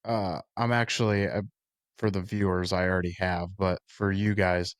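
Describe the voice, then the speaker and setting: Low-voiced male podcast host. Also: level tone, normal speed, no echo, clean studio sound. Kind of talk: casual interview chat.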